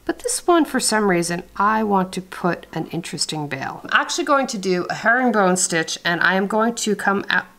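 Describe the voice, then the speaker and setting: A woman calmly explaining beadwork step by step as host of a craft tutorial, recorded indoors at her workspace on the camera mic. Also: mid-range voice, moderate pace, hardly any pauses. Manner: calm, instructive, methodical.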